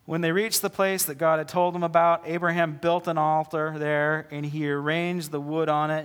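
A man preaching a sermon as pastor, mixing casual joking asides with slow, dramatic readings of scripture. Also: a little high, fairly even intonation.

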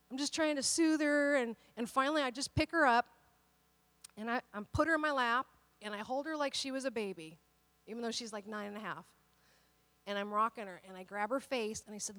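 Female pastor, 30s, casual animated sermon delivery, higher voice, dry close sound. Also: normal speed, dry recording. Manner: animated, conversational preaching with many restarts.

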